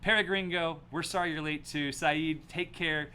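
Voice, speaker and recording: A man's voice: on the high side, fairly even intonation, moderate pace, pushed and bright, slight background noise. A man hosting a casual aviation livestream, upbeat and reading viewer names from the chat. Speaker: livestream host.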